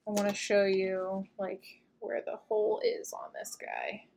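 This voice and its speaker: A woman's voice: medium pitch, huge pitch swings, a little slow, gravelly, darkish tone. A woman hosting a casual unboxing video, chatty and gushing, with lots of fillers as she looks over each item. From United States. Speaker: unboxing channel host.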